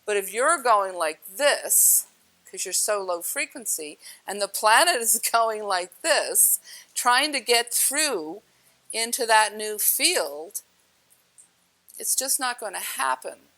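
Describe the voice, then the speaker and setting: A woman's voice: mid-range voice, lively intonation, slow, sharp tone. A woman giving a casual spiritual talk, blunt and direct, swearing offhandedly and asking her listeners questions. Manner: chatty, asks the listener questions. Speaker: spiritual speaker.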